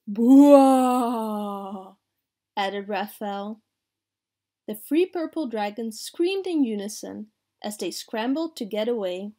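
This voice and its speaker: A woman reading a children's picture book aloud in a slow, clear, expressive way. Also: on the high side. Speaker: storyteller.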